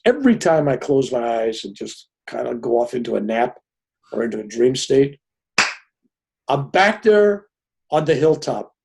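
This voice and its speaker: Older male guest telling a long personal story, lively and chatty, with a husky edge. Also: mid-range voice. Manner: animated storyteller, often adds "right?". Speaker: podcast guest.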